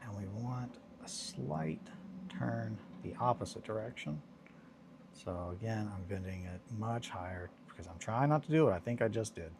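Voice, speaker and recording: A man's voice: on the low side, normal speed, creaky, background noise. A man chatting casually on a hobby live stream, rambling and joking while he mutters to himself over his work.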